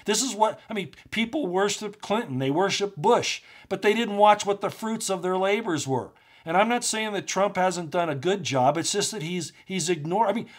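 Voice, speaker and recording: Male host, fairly high voice, heated monologue, firing off rhetorical questions. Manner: starts low and subdued, grows loud and agitated, rhetorical questions. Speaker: commentary channel host. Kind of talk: impassioned political monologue.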